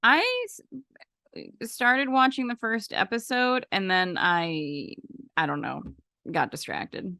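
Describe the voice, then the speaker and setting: A woman's voice: medium pitch, slow, vocal fry, pushed and bright, no echo, clean studio sound. A woman co-hosting a podcast, talking casually and rambling with lots of fillers. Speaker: podcast co-host. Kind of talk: casual wrestling chat.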